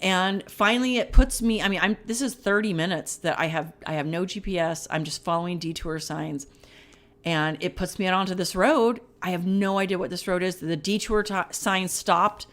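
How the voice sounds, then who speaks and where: A woman's voice: fairly low pitch, moderate pace, a bit bright. A middle-aged woman co-hosting a podcast, telling a story in casual chat and acting out her own panicked quotes. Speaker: podcast co-host.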